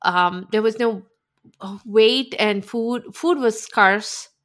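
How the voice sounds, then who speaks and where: Woman from India, casual co-host, animated and laughing, fairly high, bright tone. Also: takes it slowly. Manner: animated storytelling, laughs while talking. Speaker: podcast co-host. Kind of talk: casual chat.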